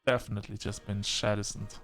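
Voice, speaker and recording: A man narrating a first-person science fiction story in an expressive manner, breaking off into short exclamations. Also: on the low side, quick pace, faint music behind.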